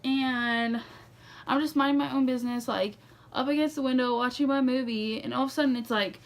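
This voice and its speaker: With a high voice and fairly even intonation, a young vlogger talks fairly quickly as she tells her viewers a story. Her manner is chatty and casual, and "like" and "okay" come up constantly.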